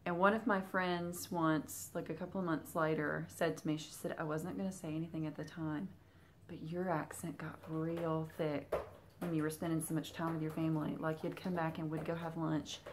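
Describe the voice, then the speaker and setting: Unboxing vintage craft patterns for her Flosstube audience, a young Southern US woman talks chattily and straight to the camera. She speaks at a moderate pace in a low, flat voice, over slight background noise.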